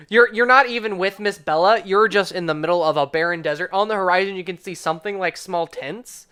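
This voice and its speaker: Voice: mid-range voice, moderate pace, sharp tone, clear, resonant tone. A game master narrating a tabletop game casually, laughing often between filler words.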